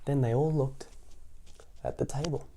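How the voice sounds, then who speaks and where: A man's voice: mid-range voice, moderate pace, a little mellow, a little hiss or hum. A man reading a children's picture book aloud, in a playful way with chatty asides between passages. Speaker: children's story reader.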